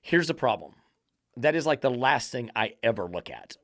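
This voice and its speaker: A man's voice: mid-range voice, big pitch swings, normal speed, fairly bright tone, dry recording, studio quality. A man hosting a dog training podcast, lecturing emphatically with repeated rhetorical questions. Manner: preachy, repetitive rhetorical questions.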